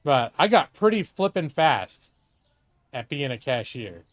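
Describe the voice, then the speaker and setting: Very animated yet a little slow, this middle-aged man's fairly high voice carries his live gameplay commentary. He streams casually, swears plenty, and talks both to himself and to a co-host.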